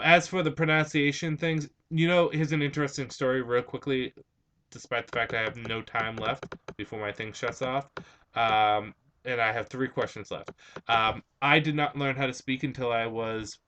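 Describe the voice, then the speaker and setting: A man's voice: medium pitch, sharp tone, slight background noise. A young man with a slight Spanish-influenced accent on some words, hosting a vlog and answering viewer questions in a rambling, hesitant way with many fillers. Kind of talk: casual chat.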